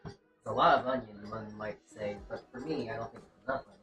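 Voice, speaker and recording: Here a fast-talking streamer with a mid-range voice rambles while cooking in a home kitchen, reading chat and talking to themself and viewers. The recording is muffled, from a distant mic with music behind.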